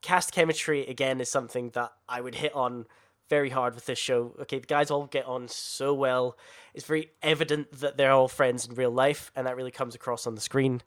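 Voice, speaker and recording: A man co-hosting a casual podcast chat, animated and quick to swear and laugh. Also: medium pitch. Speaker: podcast co-host.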